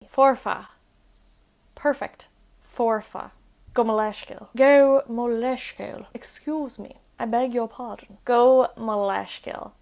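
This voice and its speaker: A woman's voice: a little high, takes it slowly, creaky, a little mellow. A young woman hosting a casual language lesson, with chatty, self-deprecating asides. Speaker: language video host.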